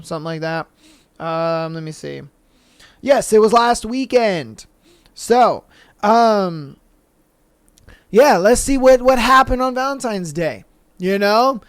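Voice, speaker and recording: A man's voice: high voice, clear, resonant tone, dry recording, studio quality. A podcast host chatting casually and reading online threads, slangy and laid-back, calling listeners bro and man.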